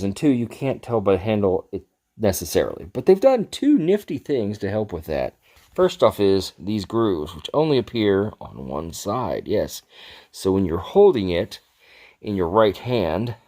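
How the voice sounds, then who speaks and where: A man's voice: low-pitched, a little mellow. A man talking casually on camera as he shows off his swords, rambling and poking fun at himself. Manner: rambling, self-deprecating, chuckles at himself. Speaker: sword collector reviewing his gifts. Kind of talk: casual show-and-tell vlog.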